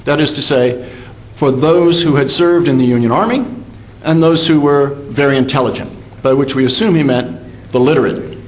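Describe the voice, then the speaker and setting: An older man, a history professor, giving a measured academic lecture with fillers and self-corrections. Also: medium pitch. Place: symposium hall.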